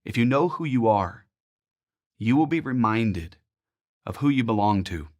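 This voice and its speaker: A man in his forties teaching a Bible study series, earnest and emphatic, with measured, rhythmic pauses. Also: lowish voice, animated.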